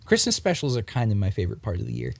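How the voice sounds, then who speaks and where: A young man co-hosting a casual comic-book podcast, animated and swearing freely as he retells scenes in put-on voices. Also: very fast, vocal fry, no room sound. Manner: animated, swears freely, acts out quoted lines in higher voices. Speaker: podcast co-host. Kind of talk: casual chat.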